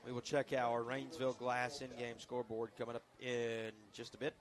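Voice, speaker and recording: A man's voice: mid-range voice, moderate pace, a faint crowd. Chatty man calling local football on radio. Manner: lively, chatty, self-deprecating. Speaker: play-by-play announcer.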